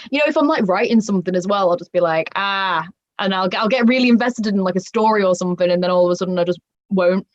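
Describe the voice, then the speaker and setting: A woman's voice: medium pitch, no echo. A woman from the north of England with a northern accent, a guest on a livestreamed convention panel, chatting, reading the chat and laughing often. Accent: Northern English. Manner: bubbly, rambling, laughs often. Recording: dull, dry home livestream audio.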